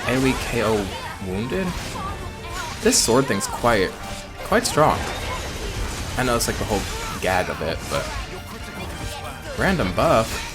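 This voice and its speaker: A man's voice: medium pitch, very animated, slow pace, pauses often, music in the background. An American man giving rambling, joking commentary over gameplay. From United States. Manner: rambling, joking asides and self-mocking chatter. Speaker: let's play host.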